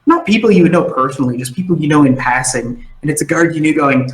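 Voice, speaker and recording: A man narrating a tabletop game as game master, animated and jumping into side characters. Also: a little high, fast talker, roomy sound, low-quality recording.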